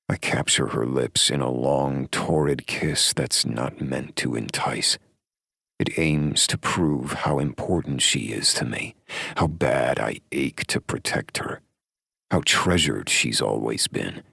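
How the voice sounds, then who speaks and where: A man narrating a romance audiobook in the first person, in a measured, wry way. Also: rumbling low, vocal fry, bright, forceful tone, breathy edge, no echo, studio quality.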